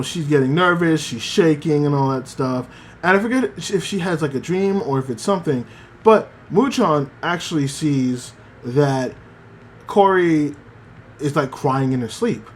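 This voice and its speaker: A man's voice: a little high, a little hiss or hum. A man hosting a podcast, casually recapping an anime episode, rambling with many fillers. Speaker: podcast host.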